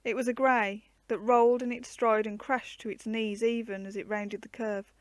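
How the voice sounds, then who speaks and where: A woman reading an adventure book aloud as a storyteller, measured and expressive. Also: on the high side, dry recording.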